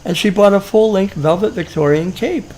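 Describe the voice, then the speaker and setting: A man's voice: high-pitched, moderate pace, darkish tone, slight background noise. A man rambling through a chat, chuckling as he reads off stories. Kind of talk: casual chat.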